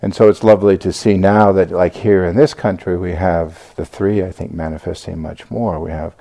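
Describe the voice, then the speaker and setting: An older American man giving a reflective dharma talk, speaking haltingly with many fillers and restarts. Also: low voice, steady tone, gravelly, warm tone. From United States. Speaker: Buddhist teacher giving a talk.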